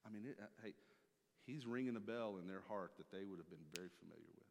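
A man preaching a sermon from a church stage, emphatic, swinging from loud to hushed. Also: lowish voice, quick pace, gravelly. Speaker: pastor. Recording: long hall reverb.

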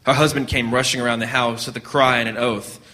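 A man reading a story aloud at a measured pace, now and then restarting a word. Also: medium pitch, flat delivery, bright, forceful tone, big-room sound. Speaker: narrator.

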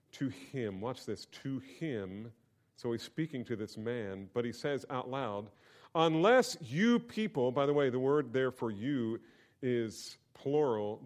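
Male pastor, sermon delivery, quiet storytelling rising to forceful emphatic peaks, mid-pitched voice. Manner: dynamic preaching, swings from hushed storytelling to loud emphatic build-ups.

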